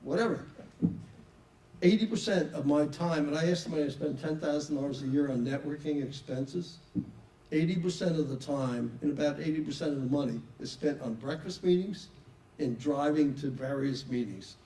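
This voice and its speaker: A man's voice: fairly high pitch, moderate pace, warm tone. An older man, giving a casual, self-assured talk to an audience, full of anecdotes. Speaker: speaker at a networking event. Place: room with an audience. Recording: echoey room, mic far off, faint noise.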